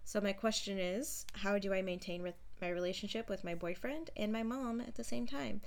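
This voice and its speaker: A woman's voice: mid-range voice, moderate pace, vocal fry. Young woman, podcast co-host, chatty, upbeat, casual. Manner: chatty, upbeat, laughs easily. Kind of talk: casual chat.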